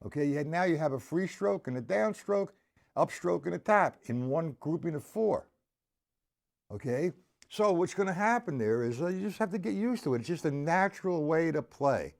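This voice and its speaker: A man gives a live-streamed drum lesson in a somewhat high, animated voice at normal speed, with vocal fry and a darkish tone. As the drum teacher, he explains things step by step and talks straight to viewers by name, blunt and informal with the odd curse.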